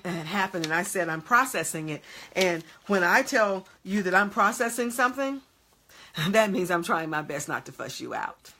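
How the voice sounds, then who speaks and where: A woman's voice: mid-range voice, fairly bright tone. A woman preaching an emphatic motivational sermon, repeatedly checking in with her audience.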